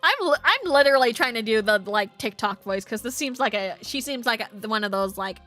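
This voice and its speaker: A woman's voice: on the high side, expressive, brisk, sharp tone. A woman streamer chatting casually and giggling while playing a game. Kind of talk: casual gameplay chat. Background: faint game music.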